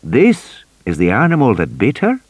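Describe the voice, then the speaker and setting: A man voicing a formal, careful male doctor in an audiobook, speaking in a measured way. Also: medium pitch, huge pitch swings, no room sound.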